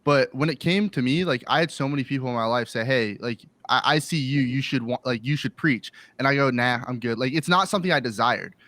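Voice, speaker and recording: An earnest man on a pastors' livestream panel talks casually and leans on filler words. The sound is dry, with no room echo. His voice sits at an ordinary male pitch. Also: a little fast, few pauses, fairly bright tone. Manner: earnest, with many filler likes.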